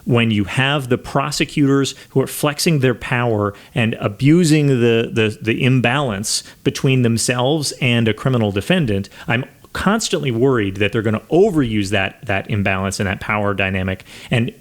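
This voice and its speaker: An earnest man co-hosts a legal discussion podcast, mid-pitched and emphatic. He thinks aloud, often restarting his sentences as he builds a point. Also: moderate pace, few pauses. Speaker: podcast co-host, lawyer.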